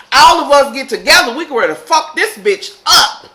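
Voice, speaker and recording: A woman casually recapping a TV episode, swearing freely and shouting in disbelief. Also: sits high, animated, brisk. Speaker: TV episode reviewer.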